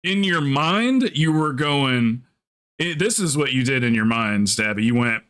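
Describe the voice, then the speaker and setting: A slightly high, unhurried male voice carries this casual gaming-stream chatter. The man rambles and curses with plenty of laughs, animatedly acting out other people's lines in quotes.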